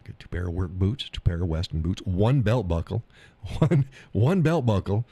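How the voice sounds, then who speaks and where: A man's voice: deep voice, lively intonation, brisk, dark tone, no echo. A man hosting a live stream, chatting casually about viewer comments, rambling, repeating himself and chuckling often.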